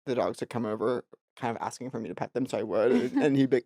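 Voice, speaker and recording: A podcast co-host with a medium-pitched voice tells stories quickly in a casual chat. He's an animated storyteller who acts out the voices of the people involved. The studio recording is clean, with no echo.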